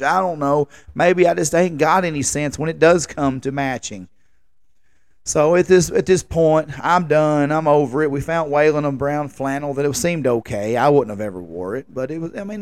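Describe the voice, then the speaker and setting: A man in his late thirties hosts a casual podcast, spinning exasperated, rambling tales and cracking jokes at his own expense. His voice sits at a plain, middle pitch. It is recorded close up in a dead, dry space. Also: no room sound. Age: late 30s. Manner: exasperated, rambling, self-mocking banter. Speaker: podcast host. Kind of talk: casual comedic storytelling monologue.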